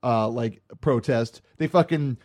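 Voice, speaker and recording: A man's voice: mid-range voice, a little slow, darkish tone. A man co-hosting a podcast, joking in laid-back, casually profane chat. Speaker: podcast co-host.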